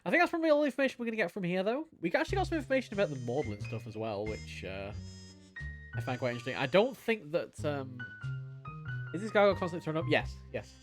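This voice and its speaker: With a quick, expressive, mid-range voice over music, a young adult streamer offers casual live commentary while gaming. Playfulness and mock-melodrama run through the chatter.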